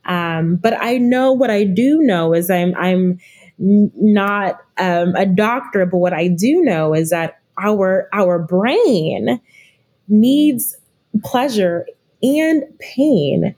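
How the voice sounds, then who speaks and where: Middle-aged woman, podcast guest expert: husky tone, unhurried, reflective delivery with frequent restarts. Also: medium pitch, animated, a little mellow. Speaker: guest expert, leadership consultant. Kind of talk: podcast interview conversation.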